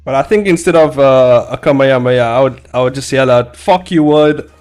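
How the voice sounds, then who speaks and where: A man's voice: mid-range voice, a little fast, darkish tone, smooth, soft background music. Laid-back guy streaming. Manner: rambling, laughs often, swears freely. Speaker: comic artist streaming. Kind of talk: casual live-stream chat.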